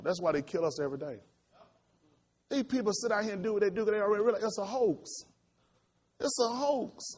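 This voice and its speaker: Impassioned preacher with a lively, swooping voice. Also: male voice. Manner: impassioned storytelling, swinging between loud high outbursts and low quiet asides. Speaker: pastor. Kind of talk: sermon.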